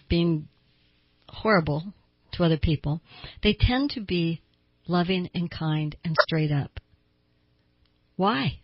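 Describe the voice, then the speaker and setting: A woman's voice: lowish voice, lively intonation, slow, pauses often, breathy edge, dry recording, muffled recording. A woman hosting a self-help talk show, giving advice to listeners in an emphatic way and repeating words for stress.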